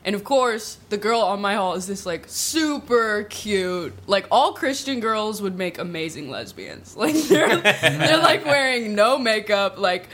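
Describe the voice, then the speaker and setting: Giggly woman storyteller, chatty, filler-heavy, mid-pitched. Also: a little slow, hardly any pauses. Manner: giggly, peppered with "like", lively asides. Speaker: guest storyteller. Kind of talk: comic personal storytelling.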